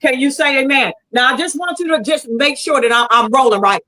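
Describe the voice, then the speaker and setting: A woman's voice: high voice, fairly quick, sharp tone, low-quality recording. A woman in a heated debate, arguing in a combative, preachy way and leaning on scripture. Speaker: debate guest.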